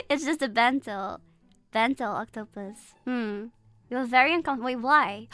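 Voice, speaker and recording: A woman streamer chatting casually and loudly, laughing often, swearing freely and apologizing over and over. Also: fairly high pitch, moderate pace, faint music behind. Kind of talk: casual livestream chat.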